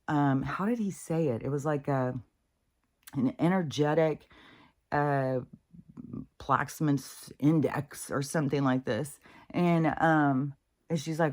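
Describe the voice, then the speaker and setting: Woman, deep for her sex, casual exasperated vlog rant with swearing and halting restarts. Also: a little mellow. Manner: exasperated, swearing, mocking others in high put-on voices; halting restarts and repeated fillers. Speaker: spiritual vlogger.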